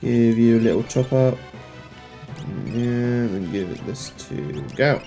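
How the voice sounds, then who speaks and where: A man's voice: mid-range voice, expressive, takes it slowly, mellow. A young man casually commenting on the game he plays, rambling and joking at himself. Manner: rambling, self-deprecating, joking at the screen. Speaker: let's play host. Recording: faint game music behind.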